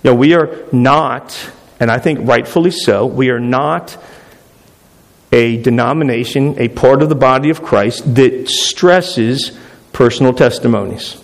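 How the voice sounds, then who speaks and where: A man's voice: medium pitch, a little slow. A man preaching a sermon as pastor, speaking emphatically and repeating phrases for stress. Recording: long hall reverb.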